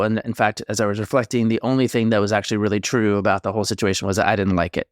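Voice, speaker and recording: A man's voice: lowish voice, steady tone, quick pace, dry recording, studio quality. A man co-hosting a relationship podcast, telling a story in rambling casual chat with tangents. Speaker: podcast co-host, therapist.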